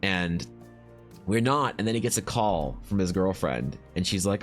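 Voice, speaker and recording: A man's voice: low-pitched, fast, soft background music. A young Canadian man telling a rambling story to his stream chat, casual and full of swearing and fillers.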